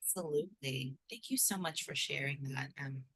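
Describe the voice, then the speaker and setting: Low, bright-toned woman interviewer. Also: moderate pace, breathy edge. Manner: warm, affirming, hesitant fillers. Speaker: host, exam coach. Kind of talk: supportive interview questions.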